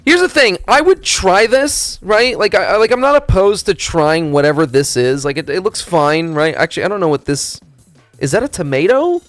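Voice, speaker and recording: A man streaming, chatting casually in a rambling, profane, animated storytelling way. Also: a little high, a little fast, no echo, soft background music.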